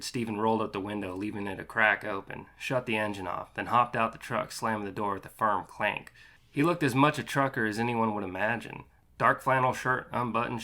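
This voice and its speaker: A man reading a first-person audiobook in a steady, matter-of-fact way, with the odd casual curse. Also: fairly low pitch. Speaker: audiobook narrator.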